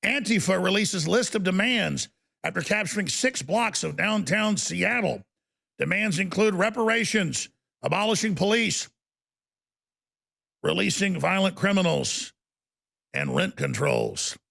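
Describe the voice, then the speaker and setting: A male political talk show host with a strongly gravelly, fry-heavy voice pitched fairly high. He talks emphatically and sounds incredulous, stacking questions on top of each other. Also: big pitch swings, bright, forceful tone. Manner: emphatic, incredulous, fast-shifting delivery.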